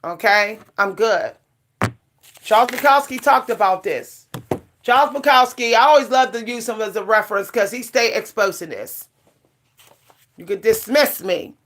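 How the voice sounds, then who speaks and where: A woman's voice: on the high side, moderate pace, fairly bright tone, slight background noise. A middle-aged woman vlogging a casual rant to camera, emphatic and repetitive, hammering her points with short punchy refrains.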